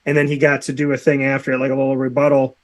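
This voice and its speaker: A man's voice: mid-range voice, racing. A man hosting a sports radio show, telling stories in casual chat and acting out quotes with animation. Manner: animated storyteller, acts out quotes. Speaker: radio host.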